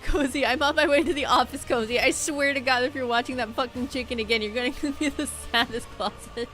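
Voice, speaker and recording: A woman's voice: high-pitched, fairly even intonation, brisk, fairly bright tone, soft background music. A woman putting on a Russian accent to play a bossy crew member who scolds someone. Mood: scolding. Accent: Russian (put on). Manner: scolding, threatening.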